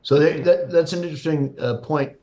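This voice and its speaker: A middle-aged man speaking as an interview guest. He talks in a halting way, with many pauses and restarts. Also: a little high, fairly even intonation, dark tone. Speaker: writer-director, interview guest. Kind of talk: casual interview chat.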